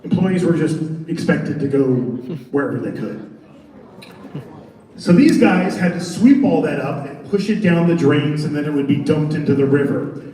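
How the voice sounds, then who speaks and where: A man presenting on a convention panel as a haunted attraction designer, telling his story in an animated, joking way. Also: fairly high pitch, moderate pace. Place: large convention center hall. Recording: echoey convention hall from far off.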